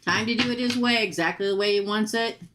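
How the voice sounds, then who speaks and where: A woman's voice: mid-range voice, fast talker, heavy background noise. A middle-aged woman giving a live tarot reading, chatty and emphatic, repeating her advice. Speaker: tarot reader.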